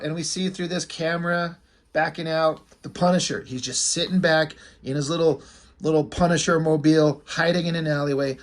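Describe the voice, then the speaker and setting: A man giving casual, rambling, joking commentary as he reviews a comic book. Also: a little high. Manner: rambling, joking, often breaks into laughter.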